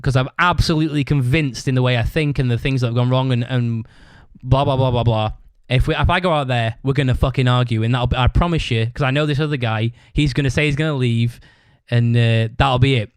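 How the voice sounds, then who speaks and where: Casual male podcaster, sweary rambling storyteller, mid pitch, dry sound. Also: steady tone, brisk, hardly any pauses, smooth, no echo. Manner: acts out other people's shouted lines. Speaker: podcast host.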